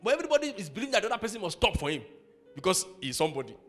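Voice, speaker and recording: A male pastor delivers a sermon in a church, his voice pitched high and leaping across a wide range. He acts out shouting quarrels to make his points. Soft music sits faintly under him. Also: very fast. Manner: animated preacher acting out quarrels, laughing at his own stories.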